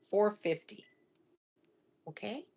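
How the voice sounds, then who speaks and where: A middle-aged woman from Florida chatting casually while cooking in her home kitchen, laughing often and sometimes dropping to a soft half-whisper. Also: mid-range voice, slow pace, slight background noise. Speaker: live-stream cooking host.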